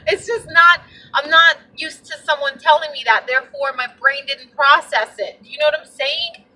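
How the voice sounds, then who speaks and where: A young woman vlogger telling a story in a casual, animated, indignant way, full of fillers. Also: sits high, moderate pace, far from the mic, rough recording. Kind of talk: casual vlog rant.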